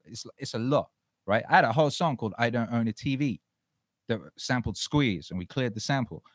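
A man's voice: mid-range voice, animated, brisk, no room sound. A man hosting a casual livestream Q&A, talking in a profane, fired-up ranting way. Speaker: livestream host.

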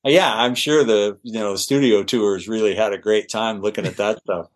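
A middle-aged man, an actor guest on an interview show, telling anecdotes in a lively way with laughs and restarts. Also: on the low side, normal speed. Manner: animated, laughing, with restarts and fillers. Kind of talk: anecdotal storytelling.

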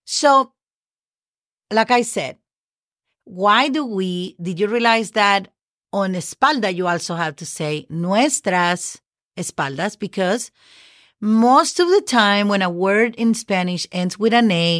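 A woman's voice: fairly low pitch, takes it slowly, a bit bright, no echo, clean studio sound. A woman hosting a podcast language lesson, patiently spelling words letter by letter and checking in with "okay?". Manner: checks in often with "okay?" and "right?". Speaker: Spanish teacher and podcast host.

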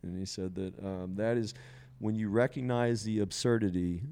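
A man with a smooth, clean voice that sits a little low, telling a long personal story at an easy conversational pace. He rambles, leans on "you know" and laughs along the way. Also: steady tone, moderate pace, mellow. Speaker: podcast guest sharing a psilocybin experience.

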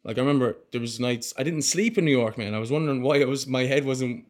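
An earnest young man in his twenties, speaking as a podcast guest in a heartfelt, casual way. His pitch sits in a middle range, and his talk is loose and friendly, full of "mate" and "bro". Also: fast talker. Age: 20s.

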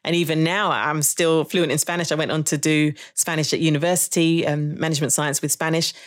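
A woman's voice: low voice, steady tone, brisk. Reflective woman telling stories. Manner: warm, reflective storytelling with frequent laughs. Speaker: podcast guest, jazz saxophonist. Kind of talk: conversational interview.

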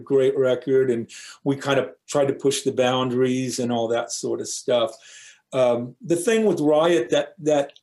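A man's voice: mid-range voice, a little mellow. A man in his fifties, a guest musician, talking casually and rambling with lots of filler phrases. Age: 50s. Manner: rambling, leans on 'you know' fillers. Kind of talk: casual interview chat.

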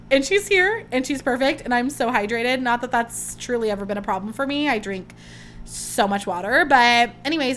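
Young woman podcaster, chatty and excitable, a touch high-pitched. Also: slight background noise. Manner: gushing, chatty, rambling with many "like"s. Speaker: podcast host. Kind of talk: casual solo chat.

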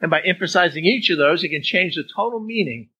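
Male pastor, conversational sermon, bright forceful tone, slightly higher voice, faint background hum. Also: expressive, fast, breathy edge, dull audio. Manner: conversational, acts out swearing speakers in a raised voice.

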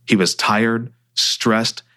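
A man narrating his own book chapter aloud in an expressive, animated reading. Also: medium pitch, drawn-out words. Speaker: author and narrator. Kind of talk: audiobook-style story reading.

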